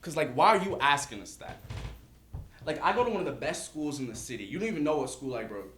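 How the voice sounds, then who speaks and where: A man's voice: a little high, expressive, fast, fairly bright tone. Young man playing a defiant teen boy. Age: young adult. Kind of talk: staged reading monologue. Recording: echoey stage with clear hiss.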